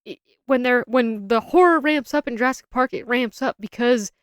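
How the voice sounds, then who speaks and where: A woman's voice: fairly high pitch, normal speed, smooth, dry recording, clean studio sound. A young adult woman giving a casual, opinionated film review, rambling and often restarting her sentences.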